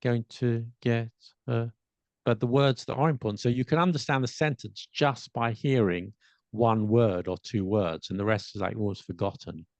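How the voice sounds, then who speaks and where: Low gravelly man explaining by example. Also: moderate pace, no room sound. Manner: thinks aloud with frequent restarts and fillers; explains by demonstrating examples aloud. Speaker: podcast co-host. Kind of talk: casual teaching chat.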